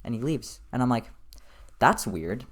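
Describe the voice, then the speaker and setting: A man's voice: medium pitch, sing-song, measured pace. A young man rambling alone on his podcast, loose and profane with lots of filler words. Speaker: podcast host. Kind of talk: casual solo rambling.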